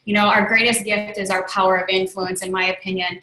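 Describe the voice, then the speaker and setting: A woman host speaking earnestly and warmly about personal growth to people on a call. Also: mid-range voice, level tone, brisk, echoey room, poor audio. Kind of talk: motivational talk on a call.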